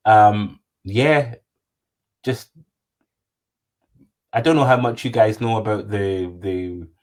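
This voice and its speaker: A Scottish man, a filmmaker, being interviewed and telling stories with plenty of energy. His voice sits a bit low, and he often breaks off and restarts his sentences. The delivery is loose and conversational. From Scotland. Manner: animated storyteller with restarts. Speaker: filmmaker guest.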